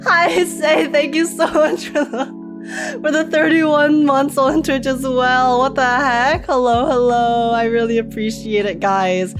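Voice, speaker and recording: A bubbly woman streamer with a slightly high voice greets her chat live, excitable and laughing often. Music plays clearly behind her. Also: takes it slowly. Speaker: game streamer. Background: background music.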